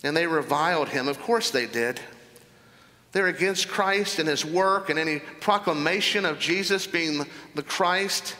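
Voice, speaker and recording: A man preaching a sermon, working through scripture verse by verse with emphatic asides. His voice sits high and has a bright, forceful edge. The sound carries a long hall reverb. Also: unhurried. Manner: expository preaching, reading scripture aloud with emphatic commentary. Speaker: pastor.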